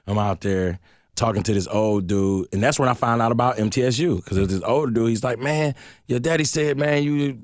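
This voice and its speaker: A middle-aged man from Detroit telling a story as a guest in a radio interview, slangy and animated, acting out the voices of the people in it. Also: mid-range voice, brisk, no room sound, studio quality.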